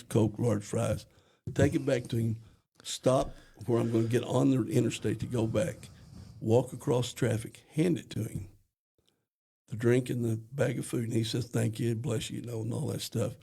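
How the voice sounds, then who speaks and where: A man's voice: mid-range voice, gravelly, dark tone, breathy edge. A man on a podcast telling a plain-spoken story step by step in casual talk. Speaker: podcast co-host.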